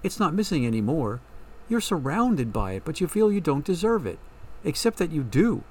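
A man reading a story, voicing a calm woman fortune teller who asks measured, probing questions. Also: fairly high pitch. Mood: counseling.

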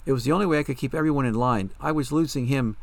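A man's voice: mid-range voice, very fast, creaky, no room sound, voice pushed up, lightly acted. A man voicing a guilt-ridden, secretive mother in an audiobook, pleading and defensive. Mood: confessing.

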